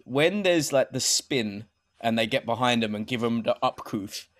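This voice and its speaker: A man's voice: mid-range voice, animated, normal speed, dry recording. A British man banters laid-back about fights, teasing his co-host with jokes. His voice sits mid-range and sounds dry and close, with no room around it. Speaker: podcast co-host. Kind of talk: casual banter.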